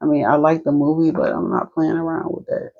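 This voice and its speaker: A woman's voice: low-pitched, animated, a little fast, narrow, tinny audio. A woman with a New Jersey accent giving an intuitive tarot reading, musing aloud and speaking to spirit as she pulls cards. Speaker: tarot reader. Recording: clear background noise.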